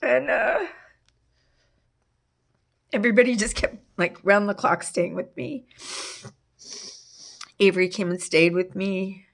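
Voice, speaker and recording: A middle-aged woman speaks slowly, her voice carrying a gravelly fry as she recounts a loss in an interview. She halts often, restarting phrases and trailing into fillers. Her pitch sits in an ordinary middle range. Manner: halting, with many restarts and fillers. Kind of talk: emotional personal testimony.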